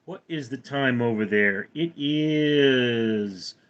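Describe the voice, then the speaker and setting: Slow and fairly bright in tone, this medium-pitched Californian hosts a laid-back livestream. He rambles, reads the chat out loud and answers viewers' questions, though the audio is dull.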